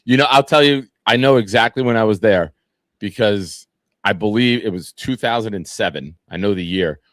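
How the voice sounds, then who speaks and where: A man's voice: fairly low pitch, moderate pace, a bit bright, no room sound, studio quality. A man, hosting a sports talk show and chatting loosely, rambling through profane stories and fan comments. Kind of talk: casual live-stream chat reading fan comments.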